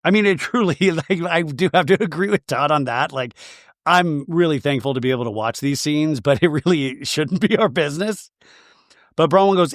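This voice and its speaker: A man's voice: fairly high pitch, normal speed, no echo, studio quality. A man hosting a podcast, chatting through a comedic TV recap and acting out scenes. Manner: chatty, animated, acts out scenes. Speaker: podcast host.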